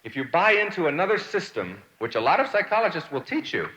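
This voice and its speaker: Animated man giving a motivational talk. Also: a little high, fast talker, hardly any pauses, breathy edge. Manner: animated storyteller, acts out quoted people. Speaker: motivational speaker. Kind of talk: motivational lecture to an audience.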